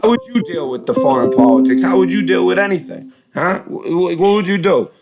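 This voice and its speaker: A combative man berating a caller on his call-in show. He swears constantly, repeats his lines over and over and keeps his voice on the higher side. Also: expressive, brisk, creaky, loud music behind the voice. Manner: profane, confrontational, repeats himself. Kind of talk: heated live call-in argument.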